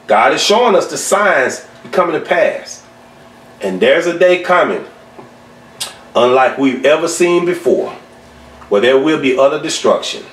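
A pastor teaching a Bible study and leading a closing prayer, swelling to emphatic highs and then dropping low and soft. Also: male voice, a little hiss or hum. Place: church sanctuary. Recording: echoey church sound from a distance.

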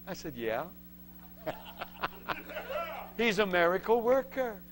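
A man preaching a sermon as a testimony, telling a story with lively acted-out voices and laughs between points. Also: high voice, slow pace, long pauses, slight background noise. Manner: acts out voices in the story and shouts the excited parts.

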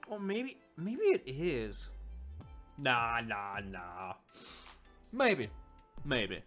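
A man's voice: medium pitch, drawn-out words, pauses often. A man casually reviewing a web comic, rambling and correcting himself as he goes. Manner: rambling, self-correcting, animated. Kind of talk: casual video commentary. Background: faint background music.

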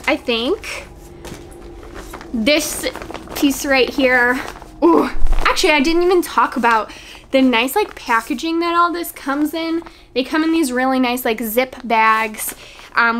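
A woman's voice: high-pitched, a bit bright. A young woman with a Midwestern American accent, chatting bubbly and enthusiastic in a casual product review vlog, full of fillers. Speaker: vlogger.

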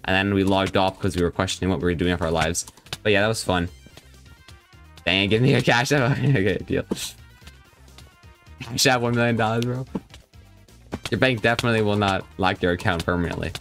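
A young man with a somewhat low voice chats casually on a game live stream. He jokes around and reads out his viewers' messages as he plays. Faint background music runs under his talk. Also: a little fast, long pauses, a bit bright. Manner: chatty, joking, reads and answers viewer chat.

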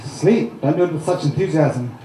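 A man performing as a stage hypnotist, teasing volunteers with loud, animated banter in a live comedy show. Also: fairly high pitch, moderate pace. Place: large theatre stage with audience. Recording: echoey theatre with loud crowd.

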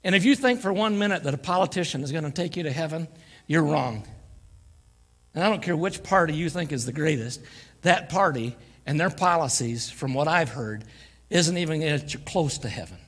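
A man delivers a folksy sermon, jokes and laughter mixed in with his scripture reading. His voice sits a little high for a man. The church live stream carries a long reverb from the sanctuary. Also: animated, a little fast, fairly bright tone. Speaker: guest preacher.

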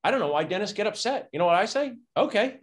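A middle-aged man, a dentist, telling stories energetically and acting out quotes in a conversational interview. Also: very fast. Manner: energetic, acts out quotes with big pitch jumps. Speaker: dentist and podcast guest. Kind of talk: animated storytelling conversation.

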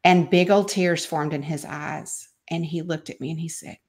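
A middle-aged woman telling an earnest personal story in an interview, her voice dropping hushed in tender moments. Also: sits low, steady tone, moderate pace. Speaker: speaker and author on homeschooling.

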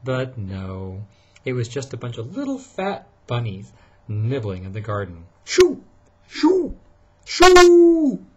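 Father reading a bedtime story; husky, animated, asks the child questions, lo-fi. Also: lowish voice, unhurried.

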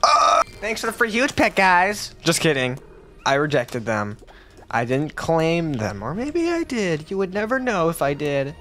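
A young man commenting on his gaming live, rambling and joking with sudden excited squeals. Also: a little high, measured pace, soft background music. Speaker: gaming YouTuber.

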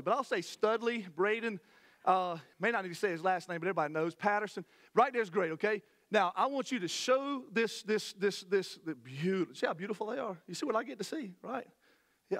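A middle-aged man, preaching a sermon to his church in a folksy, animated way with many restarts. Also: sits high. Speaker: pastor. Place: church sanctuary.

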